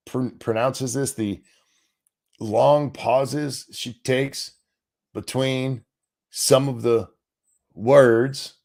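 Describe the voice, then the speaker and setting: A man hosting a show, giving sarcastic, mocking commentary over news clips, his voice swinging between loud and soft. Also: medium pitch, creaky. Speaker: show host.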